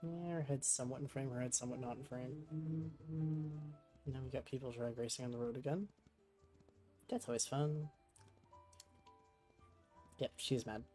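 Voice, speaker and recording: A game streamer at a home desk who talks fondly and chattily to a cat in their arms. The voice sounds mellow and mid-pitched, with faint music playing underneath. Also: fairly even intonation, moderate pace, long pauses. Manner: doting, chatty talk to a pet. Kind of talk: casual stream chat. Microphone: desk microphone with webcam.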